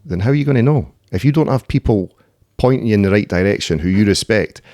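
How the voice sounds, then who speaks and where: In a casual interview, a Scotsman in his thirties who fights MMA and works doors recounts stories bluntly, cursing often and saying "eh" and "mate" a lot. His voice is lowish, expressive, mellow and fast, in a dry studio-quality recording.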